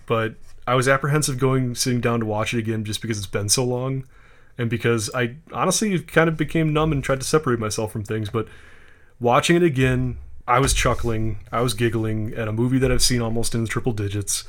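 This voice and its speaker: A man's voice: medium pitch, a little fast. A man co-hosting a podcast in casual chat, rambling and chuckling as he talks. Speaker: podcast co-host.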